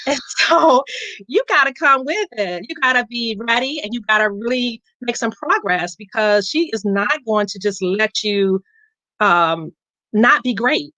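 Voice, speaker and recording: A woman guest shares a lively testimonial in a high, bright, tense voice, laughing and repeating herself as she goes. The sound is dry and close to the mic. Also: unhurried, no room sound, rough recording. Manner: animated, laughing, repeats words. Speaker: coaching client guest. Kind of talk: casual testimonial chat.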